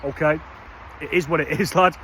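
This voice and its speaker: A man's voice: fairly high pitch, fairly even intonation, moderate pace, a bit bright, slight background noise, rough recording. Passionate man ranting outdoors. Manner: passionate, blunt, slangy, peppers every line with "lad" and "mate". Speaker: vlogger. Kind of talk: motivational rant to camera.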